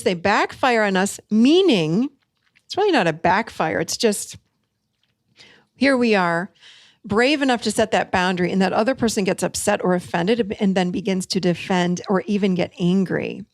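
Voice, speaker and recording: A woman hosting a solo talk show, teaching and acting out example lines in an animated way. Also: mid-range voice, moderate pace, no room sound, clean studio sound. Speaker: podcast host and coach.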